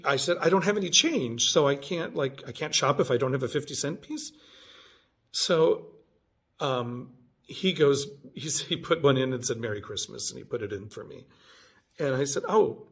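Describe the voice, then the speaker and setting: A man in his fifties telling a rambling personal story in a casual vlog, often correcting himself and getting animated when he quotes himself. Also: mid-range voice. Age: 50s. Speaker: vlogger.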